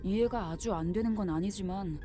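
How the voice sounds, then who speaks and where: An actress voicing a calm, formal young woman in a game, speaking in a clipped, unemotional way over game music. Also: medium pitch, very fast, lightly acted. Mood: cool.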